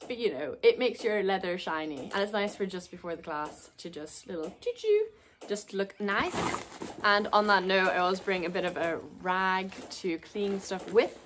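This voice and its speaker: A woman's voice: medium pitch, expressive, normal speed, a little hiss or hum. A young woman from Ireland with an Irish accent, giving a chatty, upbeat vlog walkthrough. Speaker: vlogger.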